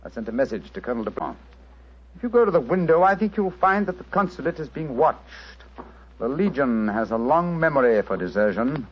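A man's voice: mid-range voice, big pitch swings, a little hiss or hum, lightly acted. A man playing Sherlock Holmes, cool British detective. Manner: crisp, measured, lordly deduction. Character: sharp, cool male detective, precise. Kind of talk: 1940s radio acting. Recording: dull old radio broadcast.

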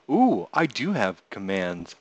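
A man chats casually on a live stream, reading viewers' messages aloud and playfully answering them, often laughing; he is a streamer and game creator. His medium-pitched voice is husky and sing-song, his pace slow, and the audio sounds dull.

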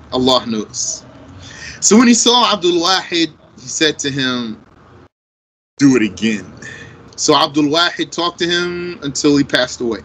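A man teaching a religious lesson, reading Arabic texts and explaining them slowly line by line in English. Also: medium pitch, pushed and bright, slight background noise, low-quality recording.

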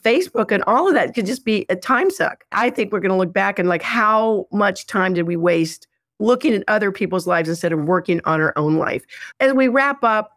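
A woman's voice: medium pitch, animated, moderate pace, a bit bright, no room sound, studio quality. A woman hosting a podcast interview, reflecting on what her guest said and steering the conversation in an affirming way. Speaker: podcast host.

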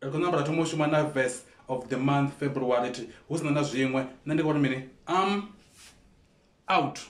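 A man with a South African Venda accent who hosts a music reaction show. He gives casual, hesitant commentary, with many pauses and fillers and frequent switches between languages. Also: fairly high pitch.

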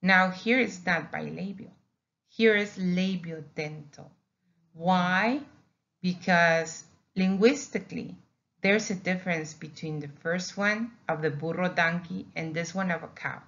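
A woman talks through a recorded language lesson at an unhurried pace, her voice sitting a little low. She repeats key words patiently to make them stick. The recording sounds dull and lo-fi. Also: vocal fry, a bit bright. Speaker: Spanish teacher. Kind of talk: recorded slideshow lecture.

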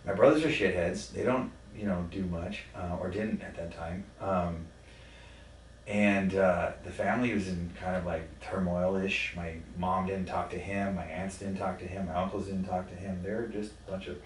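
Deep-voiced man telling a story bluntly. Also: steady tone, a little hiss or hum. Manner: blunt, profane, halting with many fillers. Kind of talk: candid storytelling in a podcast conversation. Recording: roomy sound from a distant mic.

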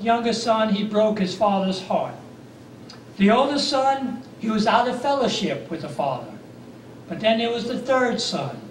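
A man with a high voice preaches a fervent sermon, circling back on his own phrases as he tells the story. He is picked up from a distance, so his words ring through the echoey church hall, with a faint hum of room noise underneath. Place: church sanctuary.

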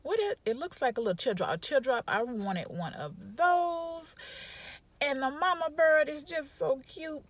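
A woman's voice: high voice, lively intonation, a little slow, no room sound. A woman chatting casually to her viewers from her car, rambling through a story and saying y'all a lot. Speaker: vlogger. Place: parked car.

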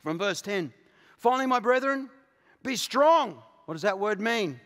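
A passionate Australian pastor preaching with a very high, ringing voice. His sermon swings from hushed asides to loud shouted declarations. The sound carries a long reverb from a large church auditorium. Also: expressive, a little slow. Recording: live church recording with long hall reverb.

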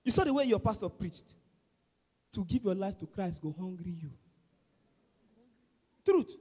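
A man with a Nigerian accent doing loud, animated stand-up comedy at a church service, acting out his exchanges with a pastor. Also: high voice, a little slow, breathy edge. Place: large church auditorium. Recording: echoey hall with long reverb.

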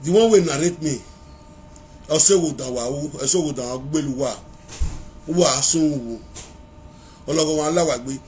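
Male vlogger, Nigerian Pidgin accent, a bit high-pitched for a man; rambling live-phone monologue with chanted praise calls. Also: moderate pace, pauses often, a little mellow, a little hiss or hum. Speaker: social media vlogger. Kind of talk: casual live-video monologue. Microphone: phone held to face.

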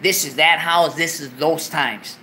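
A man hosting a talk show, telling a story in a profane, animated way, loudly acting out what was said. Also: a little high, a little slow, slight background noise. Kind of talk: casual storytelling.

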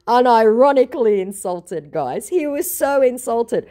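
A woman's voice: deep voice, sing-song, moderate pace, darkish tone. A woman retelling her chats with scammers in a sarcastic, mocking way. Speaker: scam-baiting content creator. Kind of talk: storytelling vlog.

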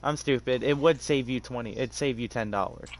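A man's voice: medium pitch, fairly quick, faint music behind. A young man with an English accent, chatting casually while gaming, crude and sarcastic, trash-talking and swearing. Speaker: gamer.

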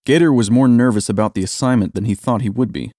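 A man reading a story aloud in steady, even scripted narration. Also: mid-range voice, quick pace, no room sound, clean studio sound.

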